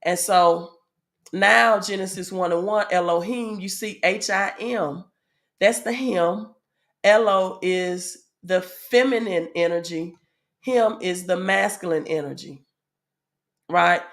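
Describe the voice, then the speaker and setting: Slow-talking Southern woman teaching. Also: on the low side. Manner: asks the audience "right?" often; unhurried with frequent "um" fillers. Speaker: spiritual teacher. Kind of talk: casual spiritual teaching.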